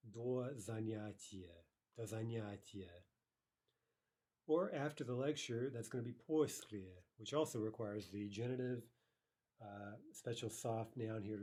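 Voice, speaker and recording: Low-voiced man teaching a language lesson. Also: warm tone. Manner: explanatory, frequent "right?" checks, slow careful Russian repetitions.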